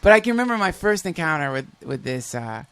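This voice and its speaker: A man hosting a podcast, chatting casually and telling stories in an animated, profane way. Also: on the high side, fast, clear, resonant tone, no echo. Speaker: podcast host. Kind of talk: casual conversation.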